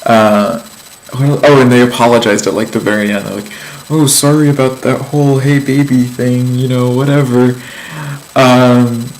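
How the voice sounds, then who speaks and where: In a relaxed vlog update, a man tells an amused, meandering story peppered with ums and likes. He has a mid-range voice, and the low-quality recording carries a little hiss or hum.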